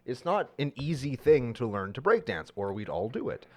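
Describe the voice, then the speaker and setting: A man co-hosting a casual podcast from Canada, ranting in a jokey, animated way about a news story. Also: medium pitch, normal speed. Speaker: podcast co-host. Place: indoor studio table.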